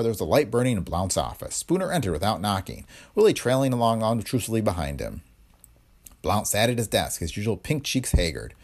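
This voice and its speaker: Low-voiced man narrating a story. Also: a little mellow. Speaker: audiobook narrator.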